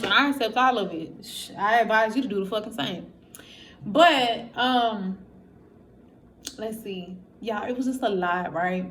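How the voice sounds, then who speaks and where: A woman's voice: on the high side, a little hiss or hum. A woman telling her personal story straight to her viewers in a candid, profane, casual way, acting out what others said. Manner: animated, acts out quotes of others. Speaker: vlogger.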